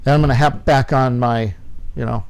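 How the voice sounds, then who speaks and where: A man's voice: medium pitch, steady tone, a little fast, a little mellow, clear, resonant tone. A man teaching a video production lesson. He talks into a clip-on mic in a small studio, repeats his words, and keeps checking in with his students. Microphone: clip-on lapel mic.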